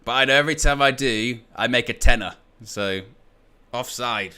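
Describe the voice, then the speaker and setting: A man's voice: mid-range voice, normal speed, pushed and bright, clear, resonant tone. A man hosting a fan watchalong of a football match, swearing, laughing and ranting at the referees.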